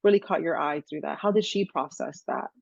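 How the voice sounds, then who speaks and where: A woman's voice: low voice, a little fast, creaky, slightly rough, no room sound. A woman podcast host in casual interview chat, talking in a loose, conversational way with laughs and filler words. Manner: chatty, with laughs and "you know, like" fillers. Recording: dull, dry, lo-fi audio.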